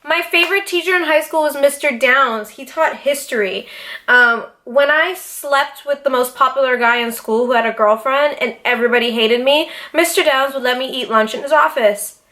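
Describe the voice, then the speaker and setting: Animated, profane young woman vlogger. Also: high-pitched, moderate pace. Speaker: YouTuber. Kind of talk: casual sit-down vlog. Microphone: camera mic, seated in front of camera.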